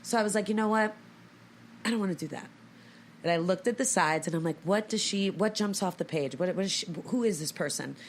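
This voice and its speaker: A woman guest actress telling animated stories in a casual podcast interview in a studio. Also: medium pitch, a little fast, slight background noise. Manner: animated storyteller.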